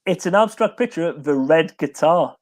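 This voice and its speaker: Chatty, giggly, high-voiced man. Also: lively intonation, normal speed, darkish tone. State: tired. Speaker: co-host of a music live stream. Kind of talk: casual chat.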